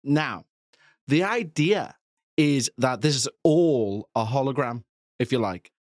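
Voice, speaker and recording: A man's voice: medium pitch, animated, slow, no room sound, clean studio sound. A man in his forties hosting a podcast, rambling through a casual review with jokey, self-deprecating asides. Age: 40s. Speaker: podcast host.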